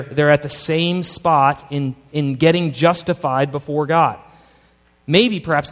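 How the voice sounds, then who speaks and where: A male pastor preaching a sermon, emphatic and stretching key words as he builds lists. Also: mid-range voice. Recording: long hall reverb.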